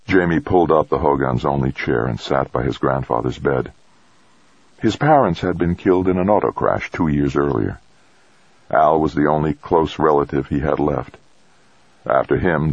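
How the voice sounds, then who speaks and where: A man narrating an audiobook in a measured, solemn storytelling manner. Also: very deep voice, creaky, a little mellow, breathy edge, no echo. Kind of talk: scripted narration. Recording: dull lo-fi dry recording.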